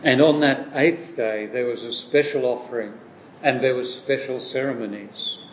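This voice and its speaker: A man preaching a sermon in a slow, measured way, often repeating and restarting phrases. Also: mid-range voice. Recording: echoey room with faint background noise.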